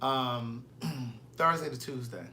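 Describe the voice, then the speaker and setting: A man's voice: medium pitch, slow, bright, forceful tone, slight background noise. A man hosting a casual live chat, talking in a sassy, teasing way. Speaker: host.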